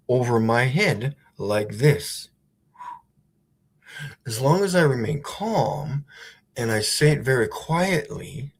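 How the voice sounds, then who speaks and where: A male streamer talks at a slow, unhurried pace in a middle-pitched voice. He rambles with frequent fillers and has a sarcastic edge. He often tags his points with asides to the viewers. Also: slightly rough. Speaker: livestream host. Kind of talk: casual livestream commentary.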